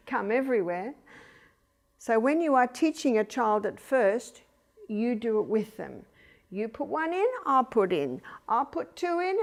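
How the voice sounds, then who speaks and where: Older Australian woman giving practical talk. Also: medium pitch. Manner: anecdotal, chuckling, acts out quiet commands to babies. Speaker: speaker on child rearing. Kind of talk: lecture to an audience.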